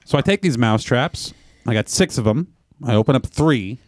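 A man chatting on a podcast, spinning a long anecdote with a voice that leaps up and down in pitch. He acts out his own shouts as he tells it. The sound is dry and close, with no room echo. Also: expressive, normal speed. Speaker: podcast co-host. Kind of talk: casual chat, storytelling.

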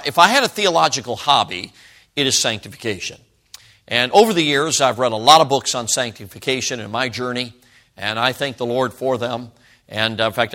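A middle-aged man from Chicago preaches as a traveling evangelist, with a bright, forceful voice. His delivery is folksy and chatty, and he keeps turning to the congregation with questions and jokes. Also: mid-range voice. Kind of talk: sermon. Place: church service.

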